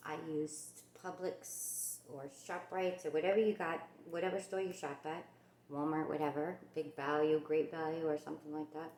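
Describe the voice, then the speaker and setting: A woman's voice: low voice, fairly even intonation, normal speed, a little mellow, reverberant, slight background noise. A woman from the New York and New Jersey area with a New York accent, chatting casually as she demonstrates a recipe in her home kitchen. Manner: chatty, rambling, with many fillers. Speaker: cooking channel host.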